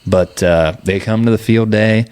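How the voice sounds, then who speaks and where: Male host, thirties, low voice, easygoing storyteller. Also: normal speed, darkish tone, clear, resonant tone. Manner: storytelling, laughs often. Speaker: podcast host. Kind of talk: casual chat.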